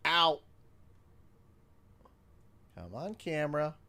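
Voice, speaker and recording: Excitable Canadian man streaming a game. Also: fairly high pitch, extremely slow. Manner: excitable, jokey, talks to chat. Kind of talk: casual livestream game commentary.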